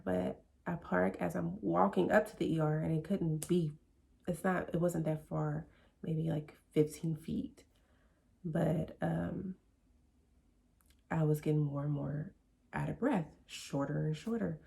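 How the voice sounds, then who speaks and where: Woman, vlogger, low voice, casual storytelling, lots of "like" and "you know". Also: vocal fry, warm tone. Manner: chatty, full of "like" and "you know".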